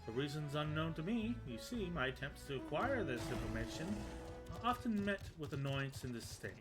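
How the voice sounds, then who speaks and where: A man's voice: a little high, very animated, moderate pace, pitched above the performer's own voice, low-quality recording. A man voicing a fussy, long-winded woman scholar with prim, old-fashioned wording. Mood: earnest. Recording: game music behind.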